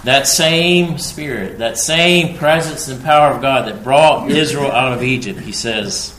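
A man's voice: medium pitch, crowd noise. A man preaching an expository sermon, speaking emphatically and rising in force when he quotes scripture. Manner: emphatic, rising loud on quoted scripture, slow deliberate pace. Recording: echoey room.

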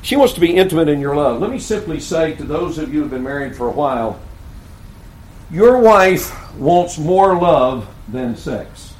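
An older man preaching a sermon in a folksy, storytelling manner, moving between loud emphatic points and quiet, low asides. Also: animated, moderate pace, breathy edge, poor audio. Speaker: pastor.

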